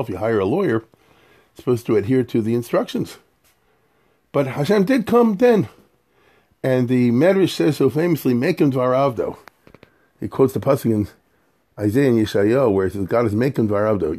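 A man with a mellow, warm tone gives a casual scripture lesson. He talks in a relaxed, conversational way and translates Hebrew verses into everyday English as he goes. He sometimes restarts a phrase and repeats a word before moving on. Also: mid-range voice, a little fast, slightly rough. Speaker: Torah teacher.

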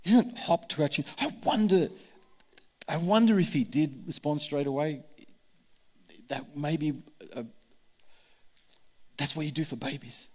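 A male pastor delivers a sermon in a fairly high voice that rings with long reverb from a large hall. He preaches with passion and slips into the voices he quotes. His tone stays lively and direct. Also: unhurried, long pauses. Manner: impassioned, acts out quoted voices.

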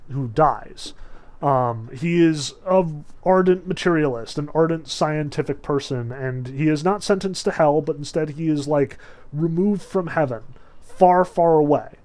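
A man casually lecturing on a novel, explaining its scenes in a relaxed way with many fillers. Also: on the high side, a little slow. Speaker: literature lecturer.

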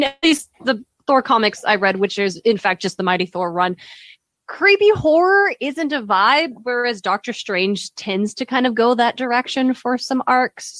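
A woman in a casual online podcast chat, thinking out loud and weighing her points carefully. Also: on the high side, no echo. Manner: thoughtful, fan-analytical.

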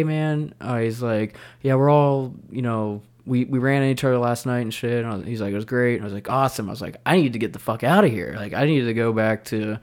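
A man in his thirties co-hosting a podcast, telling a long rambling story in casual chat and quoting people in lively bursts. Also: mid-range voice. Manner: rambling, animated when quoting others. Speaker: podcast co-host.

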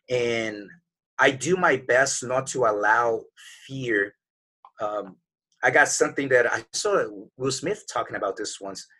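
Husky earnest man in his forties. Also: medium pitch, a bit bright. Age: 40s. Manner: earnest, conversational, acts out his own inner voice. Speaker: podcast guest. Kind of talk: casual motivational storytelling.

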